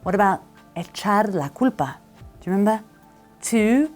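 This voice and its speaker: A woman teaching English to camera, drilling vocabulary and repeating words slowly with encouragement. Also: fairly high pitch, big pitch swings, faint music behind.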